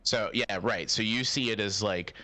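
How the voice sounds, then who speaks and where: A man's voice: on the low side, moderate pace, pushed and bright, no echo. A man interviewing a guest, questioning him carefully with many fillers and restarts. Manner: hesitant, filler-heavy questioning. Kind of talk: casual debate-style interview.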